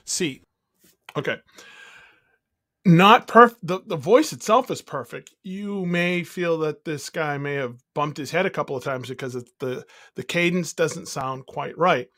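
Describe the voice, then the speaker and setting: A man with a somewhat high voice talks through a software demo in a loose, casual way. He is excited and chatty, and he thinks aloud between clicks. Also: measured pace. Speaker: tech tutorial host.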